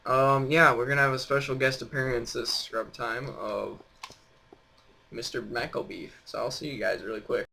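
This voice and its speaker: A man's voice: medium pitch, steady tone, normal speed, vocal fry, bright, forceful tone, a little hiss or hum. A young man hosting a casual chat on a voice call, rambling and teasing with lots of fillers. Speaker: host.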